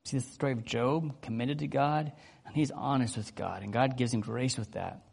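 A man's voice: mid-range voice, normal speed, creaky, husky. A man preaching a casual, conversational sermon, acting out the people in the story as he goes. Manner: conversational, animated, acts out quotes. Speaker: pastor.

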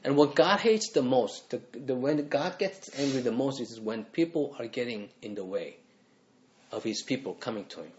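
Male pastor, mid-pitched, earnest sermon delivery full of rhetorical questions; muffled lo-fi sound. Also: lively intonation, normal speed. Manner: earnest, asks the listeners repeated rhetorical questions.

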